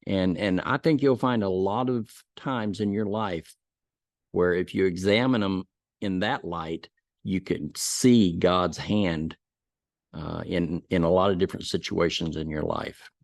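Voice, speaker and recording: A man's voice: sits low, a little slow, gravelly, no echo, studio quality. A man giving a casual Bible lesson, telling stories in a folksy way with frequent restarts. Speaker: Bible teacher.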